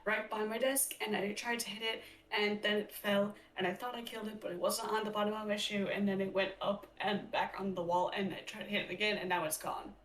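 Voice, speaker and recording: A woman's voice: mid-range voice, little pitch movement, brisk, hardly any pauses, a bit bright. A woman playing a tabletop game who tells things in long rambling chains. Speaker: player. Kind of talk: casual tabletop game chat. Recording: echoey room with faint noise.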